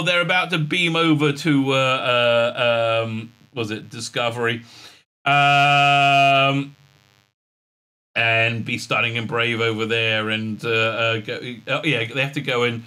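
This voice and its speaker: A man hosting a sarcastic episode recap, mocking and exasperated, full of halting fillers. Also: medium pitch, sharp tone. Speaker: show host reviewing a TV episode.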